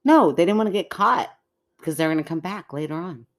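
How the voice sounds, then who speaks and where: A woman co-hosts a casual podcast with her sister, playful and quick to collapse into laughter. Her voice sits on the low side but leaps around a lot, full of animated swings. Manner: giggly, playful, given to fits of laughter. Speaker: podcast co-host. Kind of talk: casual chat.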